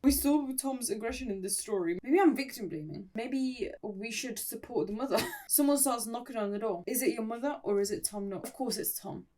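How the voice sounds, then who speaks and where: A woman's voice: on the high side, a little fast, hardly any pauses, dark tone, recorded from a distance. A woman casually reading a fan story aloud, with giggly, sarcastic asides. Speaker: story reader and commentator.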